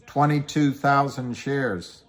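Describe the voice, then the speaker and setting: A man's voice: medium pitch, takes it slowly. Rambling middle-aged man chatting on a livestream. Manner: rambling, self-deprecating, reads viewer comments aloud. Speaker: livestream host. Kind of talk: casual livestream chat about stocks.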